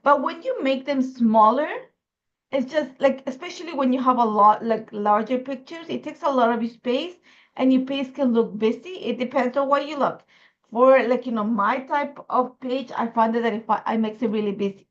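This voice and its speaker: A woman's voice: high voice, normal speed, lo-fi sound. A woman from Ecuador with an Ecuadorian Spanish accent and Spanish as her first language, chatting casually as she hosts a crafting video while fighting a cough. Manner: chatty, rambling, many fillers. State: fighting a cough, throat irritated. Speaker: crafting host.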